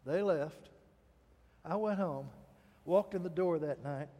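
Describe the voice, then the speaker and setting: Male pastor, high voice, storytelling sermon, dramatic pauses, reverberant hall sound. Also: dark tone.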